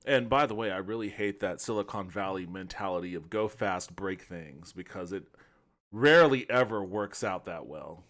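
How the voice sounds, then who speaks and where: A man's voice: low voice, moderate pace, fairly bright tone. A man hosting a stream, giving casual, blunt and joking reaction commentary. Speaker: stream host.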